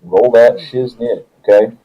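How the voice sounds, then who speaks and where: A man's voice: mid-range voice, a little slow, highs cut off. A young man running a tabletop game as its game master, joking and laughing through loose narration.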